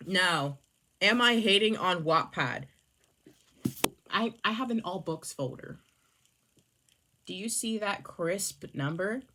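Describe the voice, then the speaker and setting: A woman's voice: medium pitch, expressive, slow, pauses often, sharp tone, a little hiss or hum. A young woman reviewing books in a sarcastic, rambling, casual chat full of swearing. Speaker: book reviewer.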